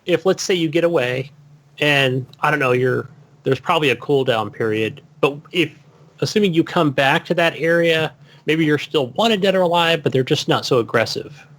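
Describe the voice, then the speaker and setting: A man's voice: fairly high pitch, normal speed, a bit bright. A man co-hosting a gaming podcast, musing and speculating in casual chat. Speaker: podcast co-host.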